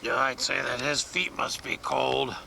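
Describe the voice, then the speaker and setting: A man voicing a bumbling, puzzled male bear fresh out of hibernation, who talks slowly and mutters his wonderings to himself in a gravelly voice. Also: medium pitch, level tone, background noise.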